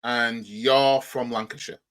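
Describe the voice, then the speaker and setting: A man's voice: medium pitch, steady tone, slow pace, a bit bright, soft background music. A man with a Yorkshire accent, hosting a reaction channel and mockingly commenting on a clip, often asking "you know what I mean".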